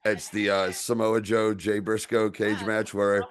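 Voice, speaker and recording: A man's voice: fairly low pitch, flat delivery, measured pace, a little hiss or hum. A man co-hosting a casual online show, telling loose, joking stories over a video call. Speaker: podcast co-host. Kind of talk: casual chat.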